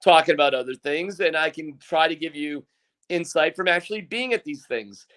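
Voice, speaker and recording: Man, veteran sports radio guest, high voice, bright and sharp tone, jokey and animated. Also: normal speed. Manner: animated, jokey, acts out his own reactions. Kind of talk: casual sports chat.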